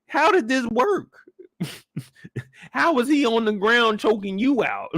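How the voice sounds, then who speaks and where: Young male streamer, high and bouncy, comic and profane, dry close sound. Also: slow pace, pauses often, dry recording. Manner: animated, profane, comic riffing; acts out scenes in shouted bursts. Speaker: streamer reviewing a TV episode. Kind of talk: live recap commentary.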